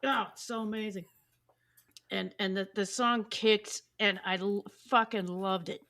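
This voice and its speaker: A woman's voice: medium pitch, fairly even intonation, unhurried, fairly bright tone. A woman hosting a podcast, chatting casually and enthusiastically about a favorite band, swearing freely and often restarting her sentences. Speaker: podcast host. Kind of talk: casual music chat.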